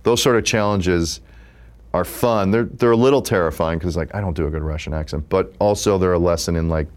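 Deep-voiced guy in his 50s, improv comic, casual rambly chat. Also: brisk. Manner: relaxed, rambling with many "like" fillers. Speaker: improv comedian. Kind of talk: casual interview talk.

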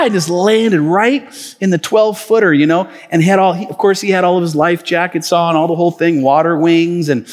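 In a reverberant church auditorium, a male pastor preaches a sermon in a fairly high voice. He tells it loosely, like a conversational story, with plenty of fillers and restarts.

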